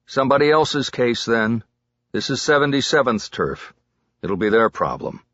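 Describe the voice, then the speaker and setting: A man's voice: medium pitch, very animated, moderate pace, fairly bright tone, no echo, lo-fi sound. A man voicing a talkative, restless police detective who keeps pressing his partner. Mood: pleading. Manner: restless, talks too much when keyed up.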